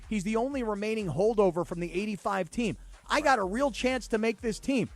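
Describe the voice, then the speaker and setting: A man in his fifties co-hosting a sports radio show, telling stories in casual talk and acting out the voices of people he quotes. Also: sits high. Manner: animated storyteller acting out quotes.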